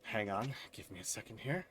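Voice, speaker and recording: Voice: medium pitch, slight background noise. A streamer doing live commentary over a hard video game, exclaiming at each death and laughing it off.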